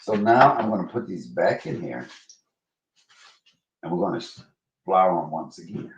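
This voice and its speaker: Guy livestreaming from his kitchen, real low voice but jumps all over the place when he gets going, roomy dull sound. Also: normal speed. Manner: chatty, swings into high excited bursts, talks to viewers as y'all. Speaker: livestream host cooking. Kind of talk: casual livestream cooking chat. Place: home kitchen.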